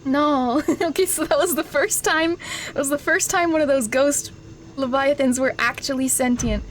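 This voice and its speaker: Female streamer, high and girlish, leisurely delivery, giggles through everything, faint background hiss. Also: moderate pace. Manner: giggly, laughs constantly, bursts into shrieks. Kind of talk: casual live-stream gaming chat.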